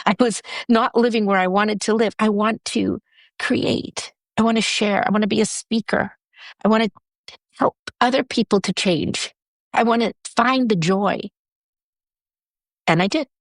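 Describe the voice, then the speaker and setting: Animated woman storyteller, dry close sound. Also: moderate pace, no echo. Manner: animated, acts out quoted speech with big pitch jumps. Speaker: guest, writer and director. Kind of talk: conversational storytelling in an interview.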